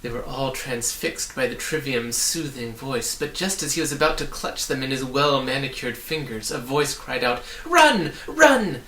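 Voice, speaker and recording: A man reading a children's book aloud, his narration lively and expressive. His voice is bright and crisp, and the echoey room he records in gives it a noticeable ring. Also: medium pitch, normal speed, hardly any pauses. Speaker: reader. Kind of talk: storybook read-aloud.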